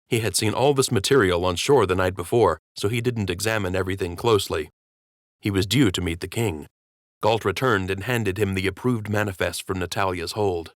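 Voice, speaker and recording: A man reading an audiobook as narrator in measured, even storytelling. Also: sits low, dry recording, studio quality. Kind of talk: scripted narration.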